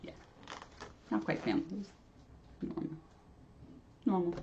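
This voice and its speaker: She's a spiritual medium hosting her own channel, rambling through a casual livestream chat with viewers, laughing a lot and starting sentences over. Her lowish, dark voice is very animated at a moderate pace, captured in lo-fi sound with a little hiss or hum.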